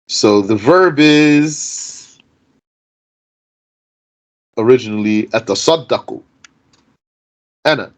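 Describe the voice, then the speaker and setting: A man teaching an informal Arabic grammar lesson. He speaks slowly and deliberately, reciting Arabic text and then explaining it in English. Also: medium pitch, poor audio.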